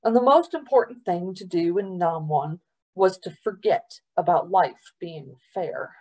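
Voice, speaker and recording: Unhurried woman reading a story aloud. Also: on the low side, husky. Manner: unhurried, expressive. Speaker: library storyteller.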